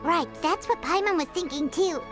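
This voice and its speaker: A woman voicing Paimon, a tiny greedy fairy companion in a game who talks about herself in third person in a high cartoonish voice. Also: moderate pace, over music. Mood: puzzled. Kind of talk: game voice acting.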